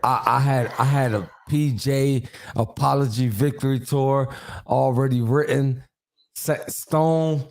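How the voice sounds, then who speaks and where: A man hosting a casual sports podcast, animated and ranting, cutting in to finish his point. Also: mid-range voice, slow, vocal fry. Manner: animated, ranting, talks over others. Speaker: podcast host.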